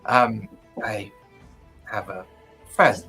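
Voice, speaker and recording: A man voicing a refined, guarded female orc merchant who speaks haltingly, with faint music behind. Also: on the low side, fairly even intonation, creaky, sharp tone, slightly rough, exaggerated voice. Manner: hesitant, halting speech.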